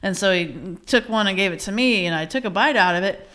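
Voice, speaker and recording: A woman's voice: medium pitch, brisk, a bit bright. A woman in her thirties co-hosting a podcast, telling a story in casual chat, laughing easily and swearing casually. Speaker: podcast co-host.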